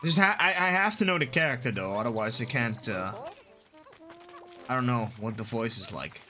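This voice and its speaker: A man's voice: medium pitch, expressive, moderate pace. A man streaming a video game live, chatting casually with his chat and trying out funny voices.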